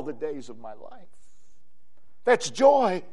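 A male preacher with a very high voice delivers a sermon at an unhurried pace. He is emphatic, rising to loud exclamations and then dropping to quiet, low phrases. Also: expressive.

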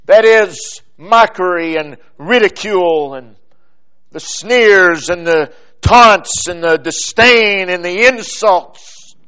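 A man preaching a sermon, delivering it deliberately with dramatic pauses and phrases that fall away at the end. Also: sits high, bright, forceful tone, clean tone, lo-fi sound.

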